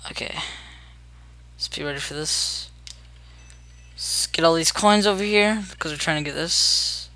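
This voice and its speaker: A young adult gaming host giving chatty, upbeat commentary while playing, narrating each move out loud. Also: medium pitch, unhurried. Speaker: gameplay video host. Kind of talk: casual let's-play commentary.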